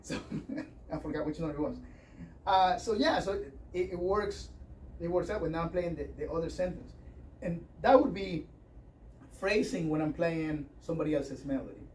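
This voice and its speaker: A man's voice: a little high, normal speed, a little mellow. Rambling male guitar teacher, distant mic. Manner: rambling, conversational, lots of fillers. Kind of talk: workshop lesson with playing demonstrations. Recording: distant mic with faint noise.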